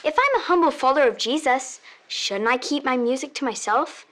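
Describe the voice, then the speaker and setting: A woman songwriter speaks earnestly, as if working through a question. Her voice sits fairly high. Her pace is quick. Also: lively intonation, a bit bright. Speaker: young songwriter.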